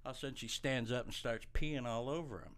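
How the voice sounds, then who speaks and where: A man's voice: mid-range voice, fast, smooth. A middle-aged man telling stories and jokes in a casual, self-deprecating way, acting out voices. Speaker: podcast co-host telling life stories. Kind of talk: casual storytelling chat.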